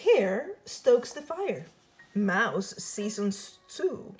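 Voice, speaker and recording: Slow, expressive woman reading a kids' book. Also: mid-range voice. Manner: very slow, expressive and sing-song. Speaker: children's book reader. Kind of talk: reading a picture book aloud.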